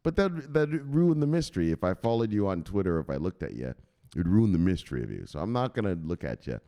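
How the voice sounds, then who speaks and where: A man's voice: low voice, very animated, fast talker, dark tone. A male crypto show host in casual, joking chat who swears freely and laughs a lot. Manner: joking, profane, laughs often.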